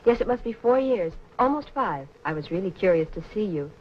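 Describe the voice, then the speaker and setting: A woman's voice: medium pitch, lively intonation, a little fast, a little hiss or hum, close to an everyday voice. An actress playing a reserved young woman meeting an old admirer, in 1940s film acting on dull lo-fi old film sound. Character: young woman, guarded former sweetheart.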